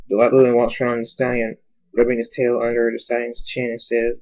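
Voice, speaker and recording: A man's voice: medium pitch, completely flat delivery, fairly quick, dull audio. A man reading a story aloud in an amateur style, often stumbling and repeating words.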